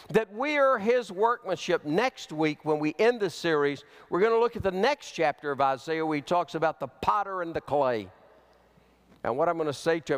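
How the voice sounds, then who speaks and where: A man preaching a sermon as pastor, slow and emphatic, with big swings in pitch. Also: clear, resonant tone. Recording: long hall reverb.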